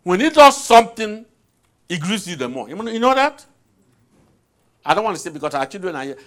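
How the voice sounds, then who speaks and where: A male preacher delivering a sermon in a fairly high voice that swoops up and down with great liveliness. He turns to his congregation with questions and repeats key phrases to drive them home. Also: very animated, fairly quick, fairly bright tone.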